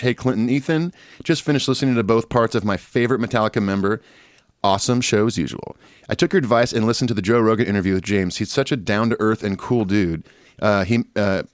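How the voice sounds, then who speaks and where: A man co-hosting a music podcast, relaxed and agreeable, reading listener emails with many fillers. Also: lowish voice, no room sound, studio quality. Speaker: podcast co-host.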